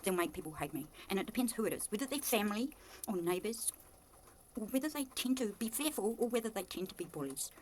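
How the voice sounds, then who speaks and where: Speaking to camera, a vlogger with a New Zealand accent delivers a passionate, accusatory monologue. She moves between low mutters and loud, heated outbursts, talking quickly and animatedly. A faint hiss or hum can be heard in the recording.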